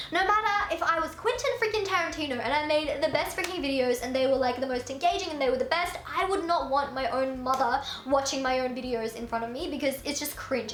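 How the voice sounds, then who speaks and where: A young woman telling a storytime vlog in a chatty, animated way, full of "like". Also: sits high, roomy sound, a little hiss or hum. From Australia. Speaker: YouTuber.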